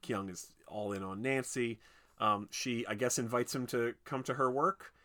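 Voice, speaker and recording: A young man casually retelling a film's plot, rambling with many fillers and restarts, slipping into quick voices for the characters. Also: mid-range voice, fairly even intonation, pushed and bright. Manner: rambling, lots of "like" and restarts, acts out quotes. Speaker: podcast co-host recapping a film. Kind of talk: casual chat.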